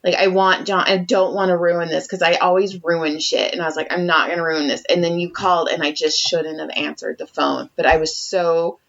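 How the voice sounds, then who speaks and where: A podcast co-host tells a story in casual chat, animated and acting out quotes, swearing heavily. Her fairly low voice is creaky and brisk with few pauses, and the recording has a dull lo-fi sound.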